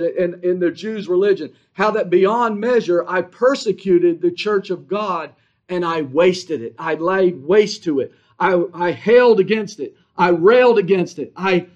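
A man preaching a sermon with an emphatic, repetitive cadence. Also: sits high. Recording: dull lo-fi recording.

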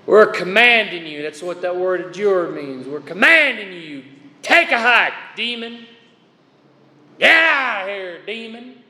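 A man's voice: high voice, lively intonation, a little slow, bright, forceful tone. A man preaching a chapel sermon in a folksy, emphatic way, spelling out words to make his point. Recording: echoey chapel with long reverb.

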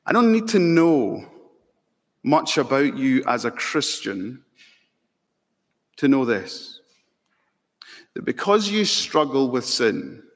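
A man preaching a sermon as pastor, slow and emphatic, building to fervent peaks. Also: mid-range voice, sing-song. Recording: long hall reverb.

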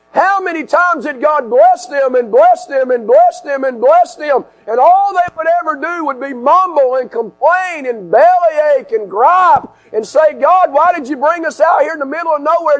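A man preaching a sermon, swinging from shouts to hushed asides. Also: extremely high pitch, rough recording. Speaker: pastor. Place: outdoor tent service. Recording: mains hum in background.

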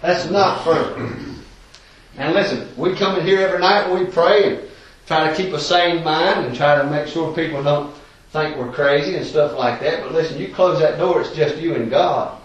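A man preaching a folksy, fervent sermon that swings from quiet talk to hollering. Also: a little high, normal speed, dull audio. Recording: very echoey church room.

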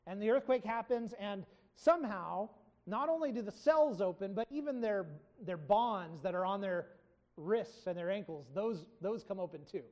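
A Bible study teacher walks through a scripture passage in a relaxed, conversational way. The speaker often stops to correct themself and retells the story in plain everyday words, at a mid pitch. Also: normal speed, muffled recording. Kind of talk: informal Bible lesson.

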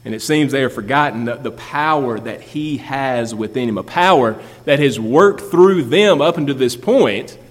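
A man's voice: medium pitch, animated, moderate pace, hardly any pauses. A man preaching a sermon as pastor, building emphasis and asking rhetorical questions. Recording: long reverb of a large hall.

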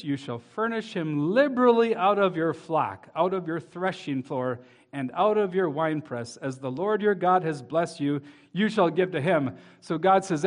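A man preaching a sermon as pastor, reading scripture aloud and speaking to the children in the congregation with rising emphasis. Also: sits high.

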